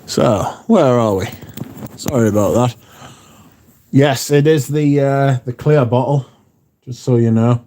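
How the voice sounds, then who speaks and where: A man's voice: mid-range voice, unhurried, pauses often, mellow, slight background noise. A man hosting a casual livestream, chatting loosely and muttering and swearing to himself as he goes. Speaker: livestream host. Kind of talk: casual livestream chat, reading out viewer comments.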